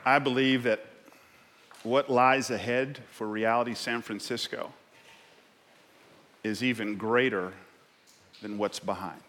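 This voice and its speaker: A male pastor delivering an impassioned sermon in a church, swinging from quiet reflection to loud, shouted exhortation. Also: mid-range voice, fairly even intonation, slow pace, pauses often. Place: church sanctuary in San Francisco. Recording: long hall reverb in a church.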